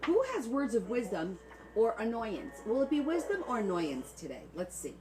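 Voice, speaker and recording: A woman's voice: fairly high pitch, moderate pace, over music, low-quality recording. A woman with a New Jersey accent, hosting a casual livestream and joking with her viewers. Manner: animated and joking, chatting with viewers. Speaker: livestream host.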